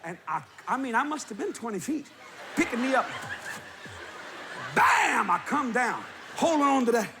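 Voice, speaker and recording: A man preaching, telling a funny story with laughter and bursts of shouting. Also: very high-pitched, normal speed, pauses often. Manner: animated, laughing while telling, shouting at peaks. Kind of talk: humorous storytelling sermon. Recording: live audience with crowd noise.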